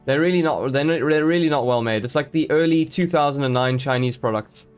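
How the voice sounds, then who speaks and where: A man's voice: a little high, brisk, clear, resonant tone. A man chatting live to his viewers while playing a game, rambling and joking as he goes, greeting people in chat. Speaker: streamer.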